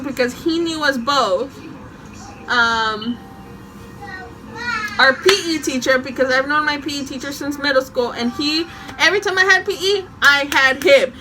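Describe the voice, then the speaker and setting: A young woman tells a story from her school days in a high, bright voice, animated and laughing as she goes. There is a faint hiss of noise under her voice. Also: rough recording. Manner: animated, laughing and swearing while telling the story. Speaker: vlogger telling a story. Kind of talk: casual storytime.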